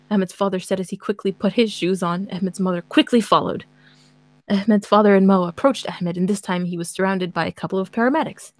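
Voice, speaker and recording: A woman reads a story aloud in a relaxed, chatty way, with frequent sarcastic asides and laughter. Her voice sits at a middle pitch and sounds dry and close, with no room echo. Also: fast talker. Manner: sarcastic, laughing running commentary. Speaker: channel host reading a story aloud. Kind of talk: casual chat, reading and mocking a story.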